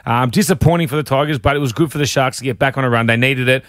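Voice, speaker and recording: A man's voice: mid-range voice, racing, no echo, studio quality. A young Australian man hosting a breakfast radio show, telling cheeky stories in casual banter. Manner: animated storyteller, cheeky. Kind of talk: casual sports and banter chat.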